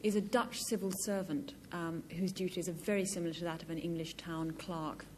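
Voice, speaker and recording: A woman on a panel game, delivering a bluffed definition crisply and matter-of-factly. Her voice is fairly low for a woman, with faint hiss in the background. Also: fairly even intonation, a little fast.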